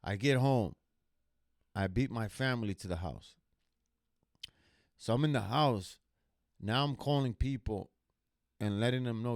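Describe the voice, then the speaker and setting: A man's voice: medium pitch, a little slow, pauses often, no room sound, studio quality. A man streaming a reaction video, telling a personal story casually in a blunt, profane, emphatic way.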